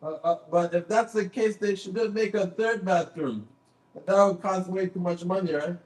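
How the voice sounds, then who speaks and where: High-voiced man hyping a comedy crowd. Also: steady tone, normal speed, darkish tone. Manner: loose, stammering, hyping the crowd. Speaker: comedy show host. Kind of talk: emceeing and stand-up. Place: basement comedy club. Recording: echoey club room.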